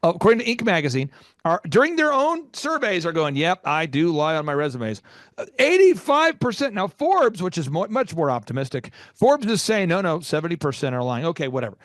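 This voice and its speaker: A man hosting a business podcast, talking emphatically, repeating his points and leaping up in pitch in disbelief. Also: big pitch swings, brisk, no echo, studio quality. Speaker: podcast host, business coach. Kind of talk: animated interview talk.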